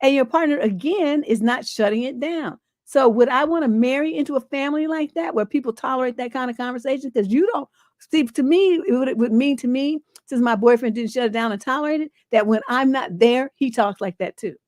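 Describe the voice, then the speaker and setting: A woman's voice: high-pitched, brisk, darkish tone, no room sound, clean studio sound. Blunt, forthright woman advice host. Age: middle-aged. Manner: blunt, forthright, emphatic, swears freely. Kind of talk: livestream advice talk, reading a viewer letter.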